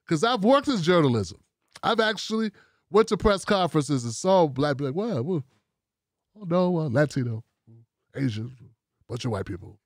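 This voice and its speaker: High-voiced blunt male show host. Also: no room sound, studio quality. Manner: blunt, profane and animated, talking straight at the audience. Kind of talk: casual commentary show.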